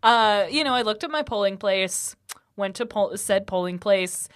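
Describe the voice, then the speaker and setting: A woman's voice: medium pitch, lively intonation, moderate pace, smooth. A young woman from Illinois co-hosting a podcast in casual chat, rambling and laughing often. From Illinois, USA. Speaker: podcast co-host. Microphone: studio podcast mic.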